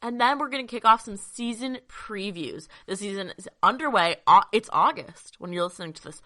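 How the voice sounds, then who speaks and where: A young woman hosting a sports podcast from her childhood bedroom, chatty and excitable with lots of fillers, a little out of breath. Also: lowish voice, fairly quick, few pauses. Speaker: podcast host. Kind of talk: casual sports podcast monologue.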